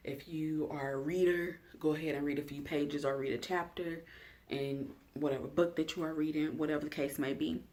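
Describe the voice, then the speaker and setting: A woman's voice: deep voice, steady tone, normal speed, darkish tone. Chatty woman vlogger asking viewers questions. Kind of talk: casual self-care check-in talking to camera.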